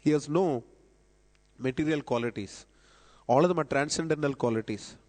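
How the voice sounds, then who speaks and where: A man delivers a devotional sermon in a temple hall, his somewhat higher voice carrying a long reverb. He explains scripture patiently and lifts his voice when he quotes a verse. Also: normal speed, darkish tone. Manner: explanatory, quotes scripture with rising emphasis, coughs now and then. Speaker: speaker at temple festival lecture. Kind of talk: devotional lecture.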